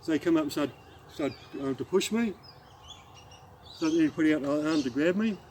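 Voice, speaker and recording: A middle-aged Australian man telling a rambling anecdote as a martial arts instructor, halting and restarting as he demonstrates the moves. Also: on the high side, lively intonation, a little mellow, slight background noise, poor audio. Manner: rambling, halting storyteller who demonstrates moves while talking. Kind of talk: casual spoken anecdote with demonstration.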